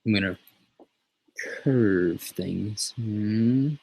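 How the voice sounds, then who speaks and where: Slow, gravelly man chatting casually. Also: on the low side, darkish tone, rough recording. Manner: profane, rambling, laughs often. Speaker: show host. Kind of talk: casual rambling chat.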